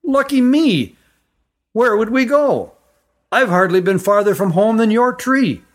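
Brief: a man doing a small, curious boy, high and questioning, storybook reading. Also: animated, a little slow. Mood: eager. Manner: eager, questioning.

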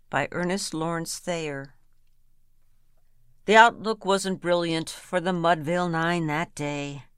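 A woman's voice: lowish voice, clear, resonant tone, no echo, studio quality. A woman reading comic rhyming verse aloud with a playful, rhythmic delivery. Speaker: reader.

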